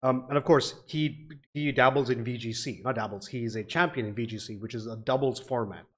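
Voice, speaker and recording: List: man, reaction video host, offhand chatter, frequent ums, middle pitch. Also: a little fast, husky. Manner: rambling, swears casually, frequent fillers. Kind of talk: casual reaction commentary.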